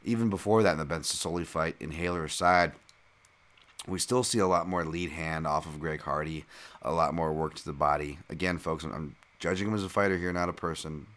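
Low-voiced man breaking down fights. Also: steady tone, fairly quick, a bit bright. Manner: chatty, slangy, addresses listeners as folks. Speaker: podcast host. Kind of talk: casual fight analysis.

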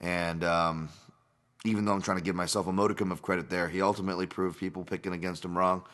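A man's voice: deep voice, flat delivery, quick pace, fairly bright tone. A man hosting his own podcast, talking casually through fight results in a rambling way and swearing freely. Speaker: podcast host.

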